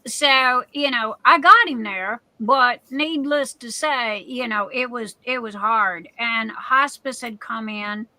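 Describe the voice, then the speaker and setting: A woman's voice: a little high, slow, hardly any pauses, pushed and bright, no echo, low-quality recording. A middle-aged woman hosting a livestream, telling a personal story in a candid, emotional way. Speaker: livestream host. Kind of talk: casual chat.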